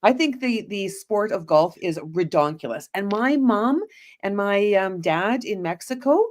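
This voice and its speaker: A middle-aged woman co-hosts a relaxed talk show as an energy healer. She chats casually and tells stories with animated back-and-forth voices. Her pitch sits in an ordinary middle range. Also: unhurried. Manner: animated storytelling, acting out both sides of conversations. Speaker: co-host, psychic medium and energy healer. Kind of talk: casual podcast chat.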